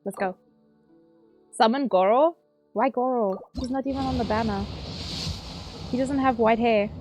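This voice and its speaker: A woman streaming a game, chatting casually with viewers, excitable and swearing, squealing at her pulls. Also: a little high, unhurried, soft background music.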